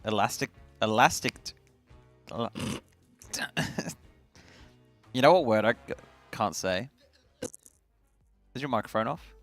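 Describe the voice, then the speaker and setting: Man, 30s, joking stream co-host, animated pitch, faint background music. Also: slow, long pauses. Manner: joking, playful, laughs at own slips. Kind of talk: casual chat.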